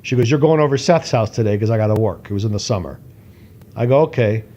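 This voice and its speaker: A man's voice: fairly low pitch, fast talker, warm tone, highs cut off. A man co-hosting a podcast, telling a casual story animatedly, acting out voices and swearing now and then. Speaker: podcast co-host.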